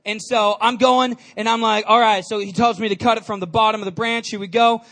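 A man giving an energetic storytelling sermon to a live audience, chatty and calling out questions to the crowd. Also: sits high, a little fast. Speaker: youth speaker.

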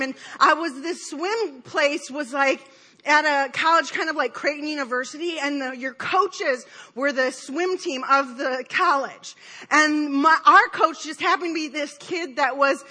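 A woman's voice: high-pitched, bright, forceful tone. A woman preaching a conversational sermon, rambling through a self-deprecating personal story with many fillers and asides. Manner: self-deprecating, laughing at herself. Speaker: speaker at church.

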